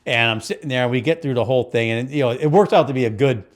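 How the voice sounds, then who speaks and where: A man with a Connecticut accent, co-hosting a podcast and telling stories in a casual, profane, animated way, acting out the people in them. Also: mid-range voice, fast talker. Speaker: podcast co-host. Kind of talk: casual storytelling chat.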